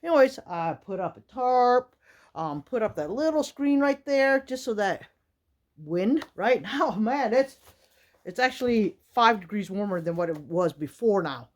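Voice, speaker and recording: A woman's voice: medium pitch, lively intonation, a little slow. A woman, vlogging in a casual, rambling way with many fillers from a small wooden shack in the winter woods. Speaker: outdoor vlogger. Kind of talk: casual chat to camera.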